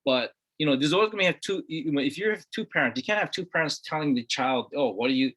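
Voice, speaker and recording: A man's voice: a little high, lively intonation, fast, bright, forceful tone. A middle-aged man from Hawaii, a guest talking earnestly in a casual conversation, repeating words for emphasis. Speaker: interview guest.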